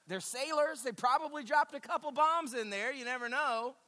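A man pastor preaching a sermon in a church sanctuary, with emphatic bursts and hushed asides. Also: very high voice, a little fast. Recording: reverberant hall.

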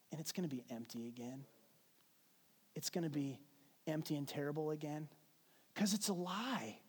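Male pastor, thirties, high voice, sermon in a reverberant hall, hushed lows to loud call-and-response. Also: husky. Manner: swings from hushed and slow to loud and playful, calls the congregation to repeat lines.

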